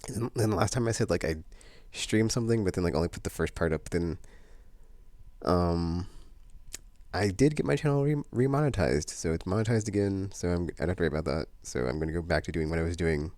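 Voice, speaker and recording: A man's voice: low voice, a little fast, a little mellow, no echo. A man vlogging in a casual, meandering chat, full of fillers and restarts.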